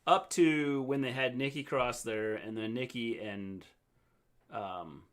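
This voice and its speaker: An older man co-hosting a casual livestream recap, talking in a relaxed, halting way with repeated words. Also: medium pitch. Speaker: co-host, the host's father.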